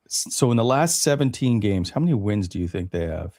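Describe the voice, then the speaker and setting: A man's voice: lowish voice, expressive, brisk, darkish tone, no room sound, clean studio sound. A man hosting a casual sports radio show, leading the segment and quizzing his co-hosts with stats. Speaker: host.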